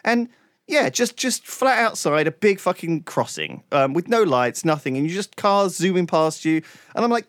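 Animated, swearing British man, dry sound. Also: high-pitched, normal speed, no echo. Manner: animated storytelling, heavy swearing, lots of "like" and "right?". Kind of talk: casual chat.

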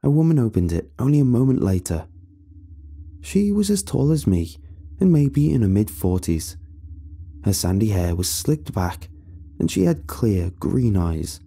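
A man narrating a scripted first-person horror story in a measured storytelling delivery. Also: on the low side, big pitch swings, creaky, warm tone, husky.

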